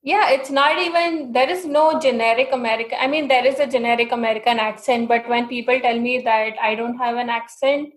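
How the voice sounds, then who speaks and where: A woman's voice: fairly high pitch, steady tone, brisk, hardly any pauses. Giggly woman from India in a roomy space. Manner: giggly, chatty. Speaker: podcast co-host. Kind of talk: casual chat.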